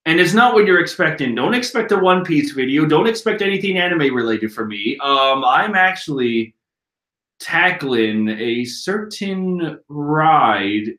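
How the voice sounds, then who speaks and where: A man's voice: a little high, a little slow. Man, casual comic reading, giggly, roomy echo at home. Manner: giggly, animated, chatty. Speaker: manga reading channel host. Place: room at home.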